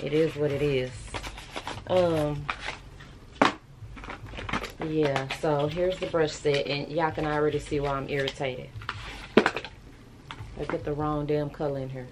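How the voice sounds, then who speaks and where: A woman's voice: low-pitched, fairly even intonation, slow, pauses often, very noisy. A woman, chatting bluntly and casually to her viewers in a vlog, with laughing asides. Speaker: vlogger.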